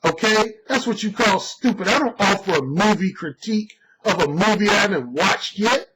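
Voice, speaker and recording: A man's voice: high voice, normal speed, heavy background noise. A man, an author and dating coach, delivering a blunt, emphatic and boastful monologue that is full of profanity. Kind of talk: opinionated monologue.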